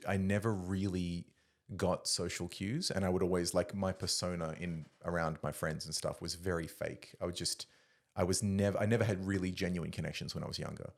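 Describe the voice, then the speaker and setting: Deep gravelly Australian man. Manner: halting, filler-heavy, self-deprecating storytelling. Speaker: podcast guest. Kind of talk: casual conversation.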